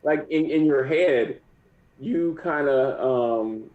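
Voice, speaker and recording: A man's voice: medium pitch, takes it slowly. A young man interviewed as a pro fighter, rambling with lots of "you know what I mean". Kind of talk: casual interview. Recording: muffled echoey remote audio.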